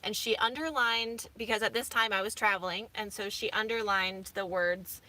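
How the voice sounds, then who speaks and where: A woman's voice: mid-range voice, steady tone, moderate pace, pushed and bright. A woman in her thirties, rambling casually with many fillers as a vlogger from inside her camper van. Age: 30s. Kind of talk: casual chat.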